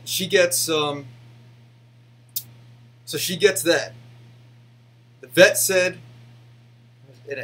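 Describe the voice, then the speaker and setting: A man's voice: mid-range voice, fairly bright tone, slight background noise. A man casually chatting to fans, rambling with many restarts and fillers, then ranting defensively. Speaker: YouTube host answering fan questions. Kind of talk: casual behind-the-scenes chat.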